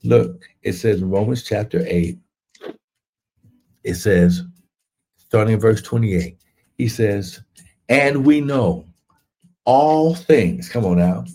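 Male preacher on a livestream, fervent and repetitive, husky low voice. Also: slow, long pauses, darkish tone. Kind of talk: livestreamed sermon.

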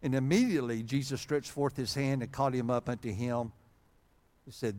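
A man's voice: mid-range voice, normal speed, darkish tone. A male pastor preaching a sermon with humor, in a conversational way, often reading old-style scripture wording aloud. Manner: conversational, frequent fillers and restarts.

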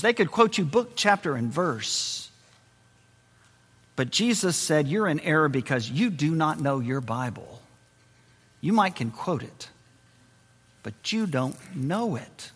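A man preaching a sermon in a high, bright voice, moving between loud emphasis and quiet intensity. His words ring out with a long reverb, as in a church hall. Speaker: pastor.

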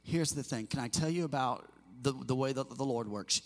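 Earnest pastor preaching in a reverberant church. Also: male voice, mid-range voice, a little fast, hardly any pauses. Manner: earnest, emotional, repeats words and restarts often. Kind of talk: sermon. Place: church sanctuary. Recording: long hall reverb.

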